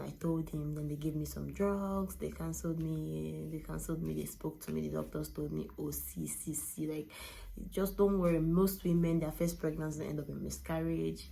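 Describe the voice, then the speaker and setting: Low, gravelly-voiced woman vlogger. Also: warm tone. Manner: candid, emotional, retelling with quoted dialogue. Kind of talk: personal storytelling to camera.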